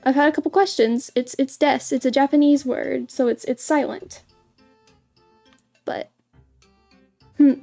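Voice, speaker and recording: A woman's voice: sits high, gravelly, mellow. A woman streaming as a VTuber in a casual livestream chat, bubbly and giggly, often stumbling and repeating her words.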